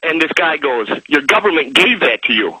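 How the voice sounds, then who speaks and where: Male caller, rambling and excited, husky bright voice over a phone line. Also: on the high side, moderate pace, dry recording. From Minnesota. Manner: eager, rambling storyteller.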